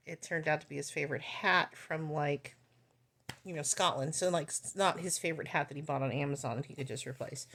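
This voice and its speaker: A woman's voice: low-pitched, a bit bright. Chatty woman rambling about a movie. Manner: rambling, chatty, self-correcting. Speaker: movie reviewer. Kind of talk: casual chat.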